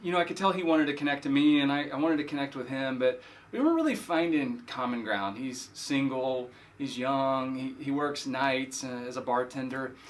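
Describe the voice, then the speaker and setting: Middle-aged male pastor-host, relaxed anecdotal delivery with restarts, ordinary mid voice. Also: mid-range voice, normal speed. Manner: chatty, repeats words while telling a story. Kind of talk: casual storytelling monologue.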